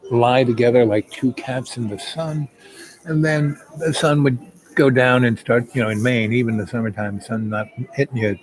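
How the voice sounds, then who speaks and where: An older man telling a long personal story in a meandering, casual way, full of "you know" and pauses. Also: mid-range voice, darkish tone, rough recording.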